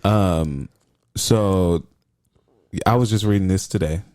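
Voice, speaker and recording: A man's voice: low voice, takes it slowly, darkish tone, no room sound. A man co-hosting a podcast, chatting casually in a laid-back, slangy way and laughing often. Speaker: podcast co-host. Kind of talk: casual chat.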